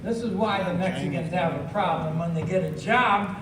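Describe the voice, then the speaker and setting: An American stand-up comedian with a very high voice performs a live routine, drawing out his lines slowly and emphatically with bursts of shouting. He's miked from a distance in an echoey venue with ambient noise around him.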